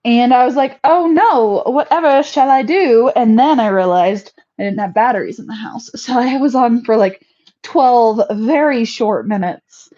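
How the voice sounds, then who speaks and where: A woman's voice: fairly high pitch, normal speed, dark tone. A woman hosting a casual homestead livestream, chatty and laughing at her own mishaps. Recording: slightly dull lo-fi audio.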